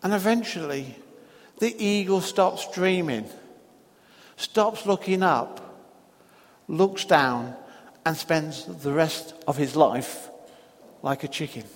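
A man preaching a sermon in a church, telling a story slowly and deliberately with long pauses. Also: on the high side, in a large hall.

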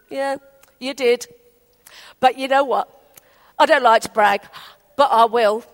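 A woman's voice: a little high, normal speed, pauses often. A woman from England preaching a sermon in a chatty storytelling way, acting out the people in her anecdotes. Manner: chatty, animated, acts out quotes.

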